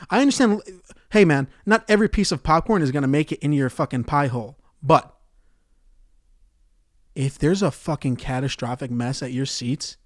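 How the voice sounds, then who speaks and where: A man hosting a comedy podcast, delivering a profane ranting monologue that swings between loud outbursts and muttered asides. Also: medium pitch, dry recording, clean studio sound.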